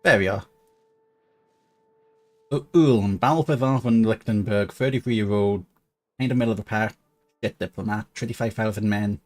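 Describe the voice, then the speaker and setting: A man's voice: on the low side, normal speed, pauses often, faint music behind. A man giving casual let's-play commentary on a strategy game, thinking aloud with fillers and restarts. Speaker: gaming YouTuber.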